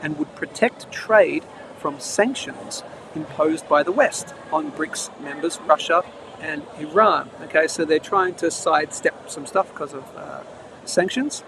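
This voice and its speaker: A chatty man hosts a live market show, reading the news aloud and breaking off for quick comments. His voice sits a little high, and clear street and traffic noise runs under the outdoor recording. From Australia. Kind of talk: casual live-stream chat and news reading. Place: outdoors near traffic, between trains. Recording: noisy outdoor live stream.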